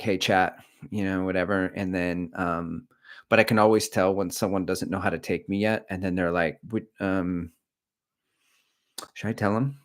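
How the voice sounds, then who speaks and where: A middle-aged man with a deep, low voice hosts a running livestream. He talks candidly and rambles, cracking jokes as he moves from one thing to the next. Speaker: running channel host. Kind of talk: casual livestream chat.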